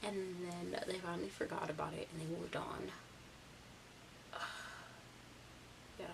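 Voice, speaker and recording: A young woman vlogger telling a casual storytime story in a chatty, lively way, acting out what others said. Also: fairly low pitch, a little slow, creaky. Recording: distant mic with steady hiss.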